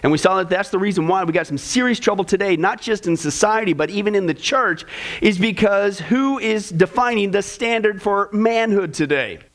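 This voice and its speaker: A man's voice: high-pitched, expressive, normal speed, a bit bright. A man teaching a discipleship class in a casual, folksy way, with sarcastic humor and chuckling asides.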